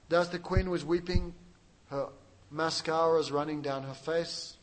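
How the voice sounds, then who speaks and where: A man's voice: fairly high pitch, fairly even intonation, a little fast, rough recording. A man preaching a sermon, telling a story with dramatic, emotional delivery and acting out the quotes. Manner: laughs at his own jokes.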